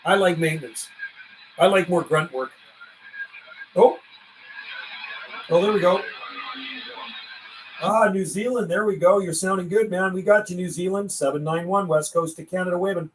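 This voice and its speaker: A man running a CB radio livestream, calling out call signs in a steady rhythm between casual chat. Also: high-pitched, moderate pace, pauses often, low-quality recording. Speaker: CB radio operator and livestream host. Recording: radio static and hiss in the background.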